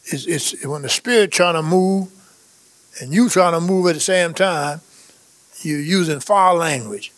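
Fervent preacher man, slightly high voice. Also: a little slow, no room sound. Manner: fervent, exhorting, repetitive; bursts of tongues and chuckles. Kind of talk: charismatic sermon.

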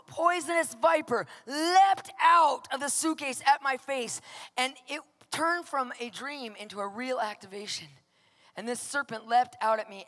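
A woman preacher giving an impassioned, emphatic sermon with personal testimony, often pressing her points to shouted peaks. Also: medium pitch. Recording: long hall reverb.

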